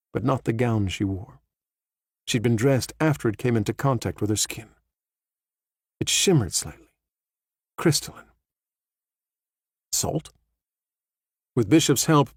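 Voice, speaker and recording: A man narrating a thriller audiobook in a measured, even storytelling manner. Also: medium pitch, slightly rough, dry recording, studio quality. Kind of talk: scripted narration.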